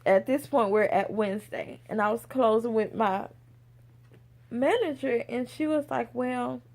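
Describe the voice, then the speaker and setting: Animated young woman telling a story. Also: measured pace. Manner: animated, acts out quoted people with big pitch jumps. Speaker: vlogger. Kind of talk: casual storytelling to camera.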